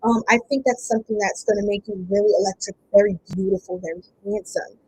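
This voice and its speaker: A woman reading tarot cards on a casual livestream, chatting with viewers, laughing often and breaking into bits of song, with a voice strained from not warming up. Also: mid-range voice, steady tone, fast, breathy edge, rough recording. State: voice a bit strained, not warmed up. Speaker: tarot reader.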